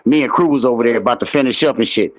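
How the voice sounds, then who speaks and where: A man's voice: mid-range voice, racing, no room sound, highs cut off. Rambling, profane man on a livestream. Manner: loose, profane, rambling storytelling. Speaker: guest on a livestream show. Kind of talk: casual storytelling chat.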